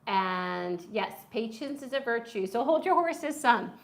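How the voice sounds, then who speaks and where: A woman's voice: fairly high pitch, animated, unhurried, vocal fry. A woman hosting a casual live-stream food review, chatty and enthusiastic, reading viewer comments aloud.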